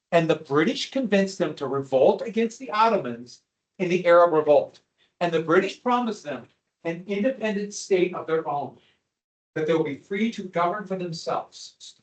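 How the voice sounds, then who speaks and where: A man's voice: high-pitched, low-quality recording. A man teaching a history class over maps and slides, chatty, with asides and rhetorical questions to his students.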